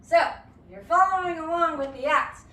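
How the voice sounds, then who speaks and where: A woman's voice: very high-pitched, normal speed, sharp tone, distant mic. A woman teaching a live-streamed dance lesson, counting beats aloud in a playful, encouraging way. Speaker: dance instructor. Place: home or studio room. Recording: echoey room, voice from afar.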